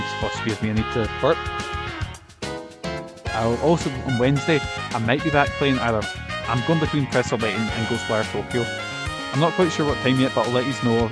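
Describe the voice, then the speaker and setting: A man streaming a game, chatting casually, rambling with fillers and the odd swear. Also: mid-range voice. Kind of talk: casual live-stream chat. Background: game music.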